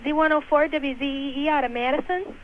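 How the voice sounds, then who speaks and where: A woman's voice: high voice, fairly even intonation, fairly quick, slight background noise. A woman from Wisconsin on an on-air phone call, giving short, breathless answers. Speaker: prize winner caller.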